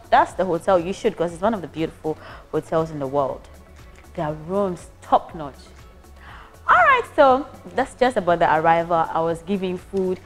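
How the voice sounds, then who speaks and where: A young Ghanaian woman casually recounting her hospital stay as a patient, animated and prone to restarts. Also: lowish voice. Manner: animated, acts out voices, frequent restarts. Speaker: patient giving a testimonial. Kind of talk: casual storytelling.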